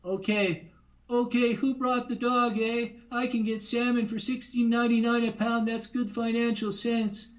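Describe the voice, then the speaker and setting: Man doing a fussy, nasal nerd character, high, lo-fi. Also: flat delivery, moderate pace. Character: nerdy fussy male film accountant. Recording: dull lo-fi sound.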